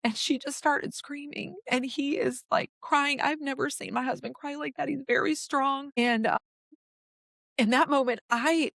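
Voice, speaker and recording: A woman's voice: sits high, steady tone, unhurried, gravelly, a bit bright, no echo, clean studio sound. A young adult woman, a podcast guest, tells an emotional personal story and acts out her own past words.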